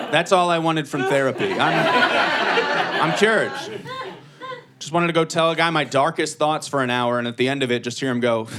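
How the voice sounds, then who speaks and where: A man in his thirties from Cleveland doing a live stand-up set on a comedy club stage, with a dry, tired, self-deprecating delivery. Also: mid-range voice. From Cleveland, USA. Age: 30s. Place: comedy club stage before a laughing audience. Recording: live club recording with loud audience noise.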